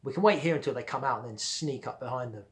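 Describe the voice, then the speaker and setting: A man's voice: medium pitch, fast, natural voice. A man reading a storybook aloud, voicing a bossy boy who blusters and acts tough. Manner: bossy and blustering, shouting when angry.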